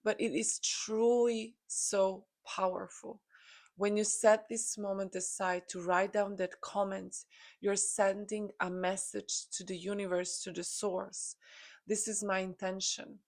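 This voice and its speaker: A woman's voice: mid-range voice, little pitch movement, measured pace, darkish tone. A woman channeling a spiritual message to her viewers, earnest and encouraging, with frequent fillers. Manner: earnest, encouraging, many "you know" fillers.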